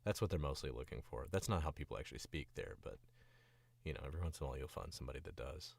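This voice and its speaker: A man's voice: a bass voice, animated, racing, gravelly, darkish tone. A tired, sick man chatting casually on a stream, rambling in a laid-back way with the odd swear, close to his mic. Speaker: voice actor streaming.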